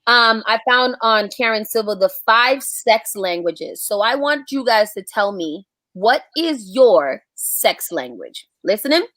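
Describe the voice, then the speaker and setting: A woman's voice: fairly high pitch, expressive, measured pace, few pauses, a bit bright, dry recording. Laughing woman reading a list aloud. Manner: laughing, reads lists aloud. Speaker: podcast co-host. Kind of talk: casual chat, reading out quiz.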